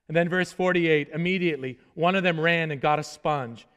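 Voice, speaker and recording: A man's voice: on the high side, brisk, hardly any pauses, fairly bright tone, clean tone, in a large hall. A male pastor preaching earnestly, stumbling over repeated words and letting his phrases sink to solemn endings. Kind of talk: sermon.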